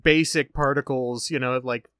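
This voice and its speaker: A man with a mid-pitched voice talks as a podcast guest in a casual, laid-back way, full of ums, uhs and likes. The sound is dry and close, with no room echo. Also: steady tone, moderate pace, fairly bright tone, clear, resonant tone. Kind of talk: casual chat.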